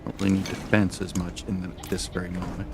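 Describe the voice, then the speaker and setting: A man with a low, gravelly voice talks his way through a game session in a loose, offhand way. He half-mutters his moves to himself, then turns to explain things to his viewers. Music plays clearly behind him. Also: little pitch movement, fast talker. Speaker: gamer streamer. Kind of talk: casual gameplay commentary.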